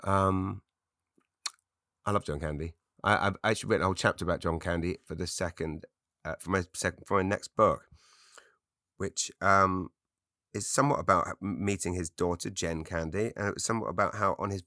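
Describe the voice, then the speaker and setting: A man's voice: sits low, fairly even intonation, brisk, bright, forceful tone, no echo, clean studio sound. A middle-aged man from England, hosting his own podcast in a chatty, rambling, self-deprecating way with many restarts. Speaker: podcast host. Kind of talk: rambling solo podcast monologue.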